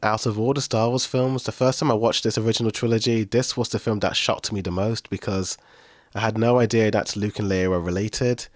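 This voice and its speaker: A man with a lowish voice, chatting easily on a podcast. He sounds relaxed and keeps the talk going with questions. The recording is dry and close. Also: a little fast, dry recording. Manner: relaxed, asks questions, says "fair enough" often. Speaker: podcast co-host. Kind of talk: casual chat.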